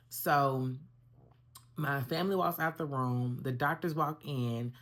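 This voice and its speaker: A young woman vlogger telling a personal story in a casual, animated way, talking straight to her viewers. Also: deep voice, normal speed. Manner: animated, conversational, addresses viewers as y'all.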